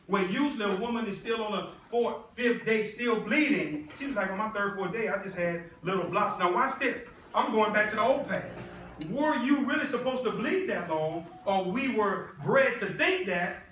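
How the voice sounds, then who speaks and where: A bright, high-voiced man pitches a product live to an audience, persuasive and constantly quizzing the crowd. He is picked up from some distance in an echoey room with faint background noise. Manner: persuasive, addresses the audience with questions. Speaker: product presenter.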